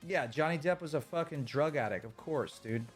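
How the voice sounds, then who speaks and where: A man's voice: fairly high pitch, normal speed, soft background music. Emphatic, cursing male streamer. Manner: emphatic, profane, repeats points. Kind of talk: casual live-stream rant.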